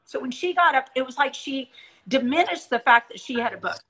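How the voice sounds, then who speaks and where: Hosting a Christian talk show, a middle-aged woman speaks enthusiastically and encouragingly, acting out stories as she goes. Her high-pitched voice is lively, a little fast, pushed and bright with a breathy edge, and the recording is rough.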